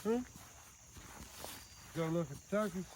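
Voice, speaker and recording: Against a noisy backdrop of faint crickets and farm animals, a high-pitched man talks a little slowly. He's a homesteader and co-host, cooing to a toddler in baby talk with playful affection as he works on outdoor farm chores.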